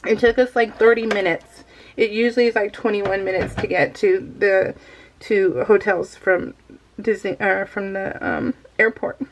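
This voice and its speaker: A middle-aged scrapbooking vlogger tells a story in a casual, chatty voice-over, laughing often and occasionally coughing as she recovers from having her tonsils removed. Her medium-pitched voice is fairly even and unhurried, in a low-quality recording with a little hiss or hum.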